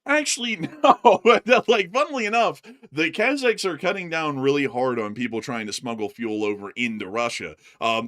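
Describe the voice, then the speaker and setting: A man co-hosting a casual livestream, answering viewer questions in a relaxed way with filler ums. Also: mid-range voice. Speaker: co-host.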